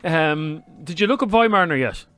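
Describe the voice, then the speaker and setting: Teasing radio co-host. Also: male voice, a little high, lively intonation, a little fast, a bit bright, clean tone, no room sound, soft background music. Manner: teasing, opinionated. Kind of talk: casual chat.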